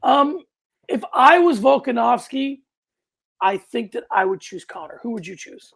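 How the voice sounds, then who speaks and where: A man co-hosting a casual sports podcast with a gravelly edge to his voice. He talks in an animated, rambling way, often restarting his sentences and breaking into loud outbursts. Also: extremely high pitch, a little slow. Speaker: podcast co-host.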